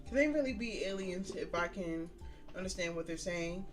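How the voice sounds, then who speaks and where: A streamer reads a story game aloud and keeps breaking off for casual, profane, joking commentary. The voice sits at an ordinary middle pitch. Faint music plays underneath. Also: animated, normal speed, distant mic. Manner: casual, profane, joking asides between read lines. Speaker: gaming streamer.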